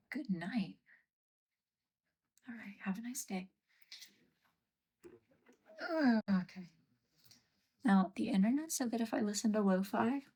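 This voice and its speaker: A woman chatting casually on a livestream from her home workspace, rambling and scolding her pets with soft muttered asides. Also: mid-range voice.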